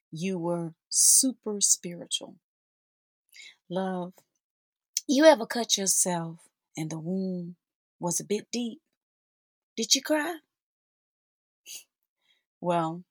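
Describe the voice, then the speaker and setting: Husky fortysomething woman, slow heartfelt storytelling to her listeners, low-ish voice, dry close mic. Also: no room sound. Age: 40s. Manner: heartfelt, addresses listeners as sisters and y'all. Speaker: podcast host. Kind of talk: personal storytelling monologue.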